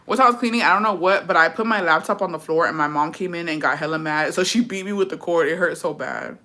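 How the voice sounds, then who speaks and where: A woman's voice: fairly low pitch, fast talker, bright, forceful tone. A young woman streaming, chatting casually and reading comments aloud, profane and sassy, laughing often. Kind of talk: casual live-stream chat.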